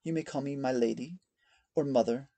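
A man voicing a masked older woman who rules an estate, speaking in an even, cool and menacing way. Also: mid-range voice, normal speed, no echo, close to an everyday voice. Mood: cold.

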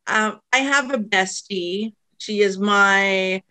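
A woman's voice: medium pitch, slow pace, sharp tone. A woman from Canada, a podcast guest speaking in a heartfelt, emotional way in casual conversation.

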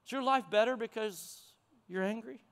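A man preaching a sermon, swinging from near shouts down to hushed, quiet passages. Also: high voice, moderate pace. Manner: animated preaching, rising to near shouts then dropping to hushed tones. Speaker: pastor. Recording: long hall reverb.

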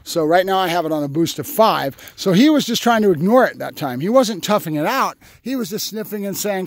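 High-voiced man explaining dog training. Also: fairly quick, few pauses, no room sound. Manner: explains step by step, breaks into high excited praise for the dog. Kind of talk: outdoor training demonstration. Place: open field outdoors.

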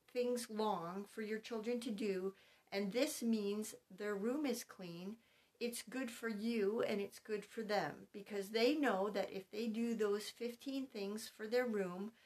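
A middle-aged woman in an instructional talk, speaking in an even, unhurried way. She lays out her advice step by step, careful and precise with each point, like a homeschooling mother coaching other parents. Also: a little high. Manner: calm, methodical, spells things out point by point.

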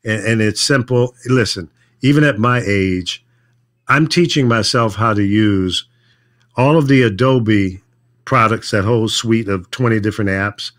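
An older man, a radio veteran, chatting casually in a measured, plain-spoken way with frequent fillers. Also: lowish voice, fairly bright tone. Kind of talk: casual chat.

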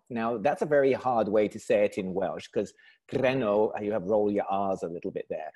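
A man with a southern English accent, a company founder chatting as a guest in an interview over a video call, talkative and quick to laugh. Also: fairly low pitch, animated, a little mellow, breathy edge. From south of England. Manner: chatty, laughs easily, frequent restarts. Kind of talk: casual interview chat.

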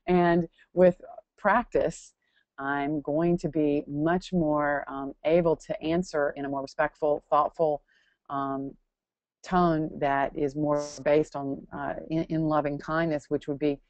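A woman's voice: low-pitched, measured pace, no echo, highs cut off. A woman answering audience questions in a talk, thoughtful and searching for words, with many restarts. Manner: acts out quoted voices with lively expression. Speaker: guest speaker.

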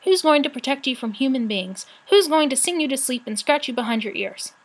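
A woman voicing a small, quick-tempered brownie girl who scolds and snaps in a storybook reading. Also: a little high, animated, slightly rough. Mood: indignant. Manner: snappish, scolding.

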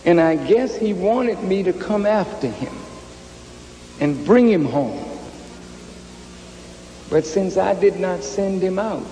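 Slow, mellow-voiced male minister. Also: high voice, expressive. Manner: measured, deliberate, solemn. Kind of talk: slow formal address to an audience. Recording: echoey hall with faint ambience.

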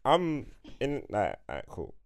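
A man's voice: medium pitch, huge pitch swings, measured pace, vocal fry, no room sound, clean studio sound. A young man, co-hosting a casual group podcast, arguing his point with slang and laughter. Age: young adult. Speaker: podcast co-host.

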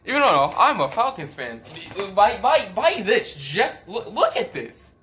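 A man rants in a casual comedic vlog, swearing freely and mocking himself with sarcastic asides. His pitch swings widely as he plays up his frustration for laughs. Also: sing-song, measured pace, sharp tone, soft background music. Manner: profane, sarcastic and self-mocking; melodramatic, exaggerated frustration. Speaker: sports fan YouTuber.

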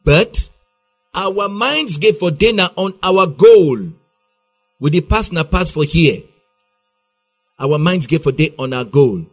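Gospel radio host. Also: male voice, on the high side, animated, takes it slowly, long pauses, soft background music. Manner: encouraging, affirms the guest.

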